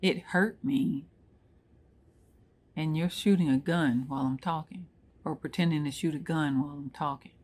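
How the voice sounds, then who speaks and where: A woman's voice: low voice, normal speed, long pauses, a little mellow, breathy edge. An American woman hosting her own channel, telling a personal story in an earnest, emotional way and quoting what people said. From United States. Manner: earnest, emotional, retells scenes with quoted dialogue. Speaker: channel host.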